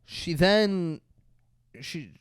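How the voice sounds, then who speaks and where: A man co-hosting a podcast, casually and profanely recapping a movie with animated asides. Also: sits high, very slow. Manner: profane, animated retelling with mock voices. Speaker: podcast co-host. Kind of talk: casual movie review chat.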